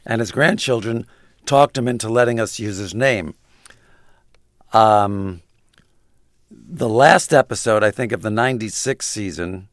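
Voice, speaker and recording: A man, an interview guest and comedy writer, telling halting anecdotes with laughs between lines. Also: mid-range voice, a bit bright, dry recording, clean studio sound.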